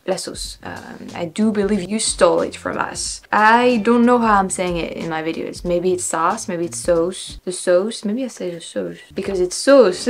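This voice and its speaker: A young woman from France with a French accent, chatting casually to camera as a vlogger, laughing often and repeating words aloud to check how she says them. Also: mid-range voice. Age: young adult.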